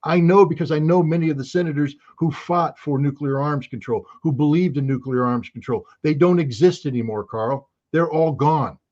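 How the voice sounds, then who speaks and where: A man's voice: on the high side, moderate pace, few pauses, a little mellow, dull audio. An American man speaking as a guest on a livestream interview, emphatic and lecturing, repeating points for force. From United States. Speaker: guest commentator.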